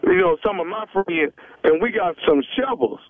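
A man putting on a stubborn, tearful caller who pleads over and over. His voice sits very high and comes through a tinny, narrow phone line. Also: animated, moderate pace, no room sound. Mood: pleading. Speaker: radio prank caller.

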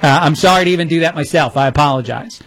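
A man runs a political commentary show, sarcastic and mocking as he reacts to clips. His voice sits a little high. The sound is dry and close. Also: fast, a bit bright, no echo, poor audio.

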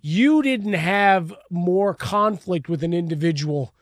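A man co-hosting sports talk, teasing his partner in a measured way. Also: sits high, no echo, clean studio sound. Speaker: sports radio co-host.

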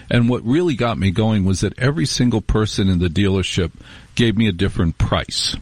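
Man, radio host, middle-aged, low voice, dry close studio sound, rambling wry storytelling. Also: brisk, a little mellow, no room sound. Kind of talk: casual monologue on talk radio.

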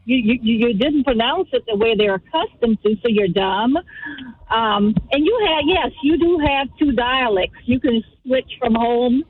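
A high-voiced woman with a Guyanese accent, speaking over a thin, tinny phone line. She talks steadily and thoughtfully, laying out her points with care. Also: expressive, unhurried, slightly rough. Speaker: caller, host's cousin. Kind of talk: phone-in conversation.

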